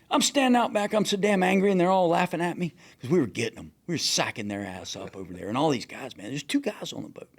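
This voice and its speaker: Man, fishing captain, animated storyteller, shouts out quoted lines, casual and profane. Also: a little high, breathy edge. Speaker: fishing captain, podcast guest.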